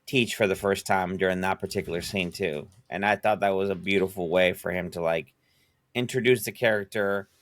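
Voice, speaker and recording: Low-voiced man rambling on a podcast, dry sound. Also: brisk, fairly bright tone, no echo. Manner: enthusiastic, rambling, swears freely. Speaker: podcast co-host. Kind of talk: casual chat.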